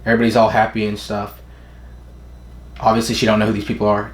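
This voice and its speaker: A man's voice: fairly low pitch, monotone, echoey room. A young man casually reacting live to a comic chapter, forgetting names, swearing now and then, reading the panels aloud. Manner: casual, profane, forgetful of names, reads panels in quick put-on voices. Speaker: manga reaction streamer.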